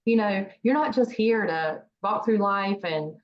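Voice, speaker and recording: A woman's voice: mid-range voice, animated, measured pace. A woman guest on an interview show, talking casually about her nonprofit, rambling with many fillers and restarts. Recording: dull lo-fi sound with faint noise.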